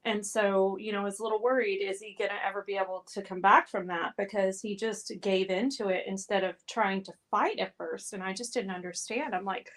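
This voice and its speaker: A woman's voice: mid-range voice, steady tone, a little fast, hardly any pauses. Chatty, giggly woman guest. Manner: chatty, giggly, many "you know" fillers. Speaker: guest co-host. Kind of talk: casual chat.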